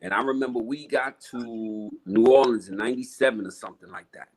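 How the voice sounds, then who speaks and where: A man's voice: medium pitch, a little fast, a little hiss or hum. Brief: New man, rap guest, blunt storyteller, plain mid voice. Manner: blunt, profane, animated storyteller. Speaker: rapper guest. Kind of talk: casual storytelling interview.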